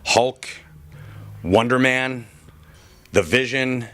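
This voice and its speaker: A man's voice: medium pitch, very slow, a bit bright, no room sound. A man working in a comic shop, answering interview questions in a chatty, joking way, with frequent restarts. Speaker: comic shop worker and podcaster.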